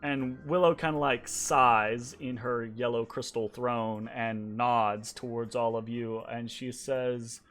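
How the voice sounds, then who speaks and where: Dude running a tabletop game, slow, lots of um and kinda like, soft music behind. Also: male voice, mid-range voice, fairly even intonation. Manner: halting, lots of ums and kinda-likes. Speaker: game master.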